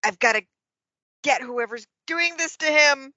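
Slow-talking woman playing a tabletop game. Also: sits high, sharp tone, no room sound, lo-fi sound. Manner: unhurried, thoughtful, with fillers. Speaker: player. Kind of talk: casual tabletop game talk. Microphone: online voice call.

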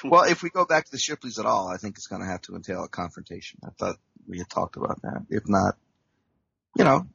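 A man's voice: sits low, very animated, fast, creaky, a bit bright, slightly rough. A man at a tabletop game over a call, rambling and hedging with fillers, in lo-fi call audio. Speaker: player.

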